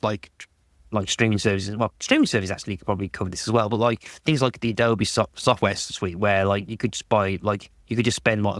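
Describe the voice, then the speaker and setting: A man's voice: lowish voice, no echo, studio quality. A man talking casually on a podcast, rambling and restarting his sentences with lots of "like". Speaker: podcast guest.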